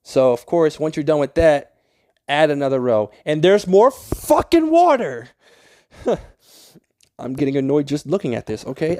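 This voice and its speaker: A man's voice: fairly high pitch, mellow, no echo, studio quality. A young man talking through a game tutorial in a casual, rambling way, swearing often and easily annoyed. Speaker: Minecraft tutorial creator. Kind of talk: casual gameplay tutorial voice-over.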